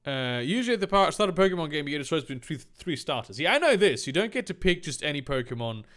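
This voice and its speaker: A young man reading fanfiction aloud with sarcastic, deadpan commentary and casual swearing. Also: on the high side, fast talker.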